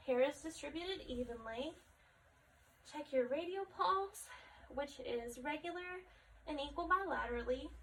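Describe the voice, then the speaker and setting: A woman conducting a step-by-step health assessment, calmly asking questions and repeating the answers back. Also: high-pitched. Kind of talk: clinical health assessment demonstration. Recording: distant mic with faint background noise.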